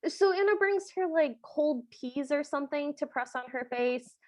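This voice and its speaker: Higher-voiced woman podcast co-host. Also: animated, normal speed, darkish tone, no echo. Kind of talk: casual recap chat.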